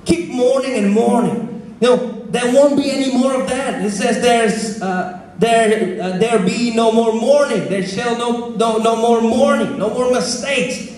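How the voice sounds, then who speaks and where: A man's voice: very high voice, measured pace. A man with an Indonesian accent preaching a sermon as a pastor, telling stories with many restarts. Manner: animated storytelling with frequent restarts. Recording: very echoey church with faint noise.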